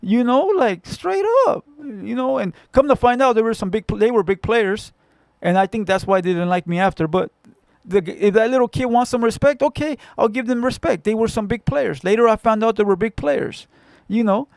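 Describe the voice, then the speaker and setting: A man's voice: high voice, lively intonation, moderate pace, vocal fry, no echo. A man from Southern California hosting a casual livestream, telling stories bluntly with lots of profanity and street slang. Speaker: livestream host. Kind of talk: casual livestream chat with viewers.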